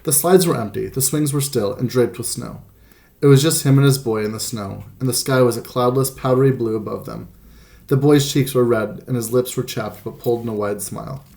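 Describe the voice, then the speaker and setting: A man narrates a storybook in a measured, gentle way. His voice sits at an ordinary pitch and has a gravelly texture. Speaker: audiobook narrator. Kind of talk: scripted narration.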